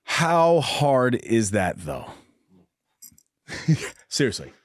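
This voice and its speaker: A man's voice: mid-range voice, big pitch swings, drawn-out words, dry recording. Playful male podcast host, dry sound. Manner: playful, laughs often. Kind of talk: casual interview chat.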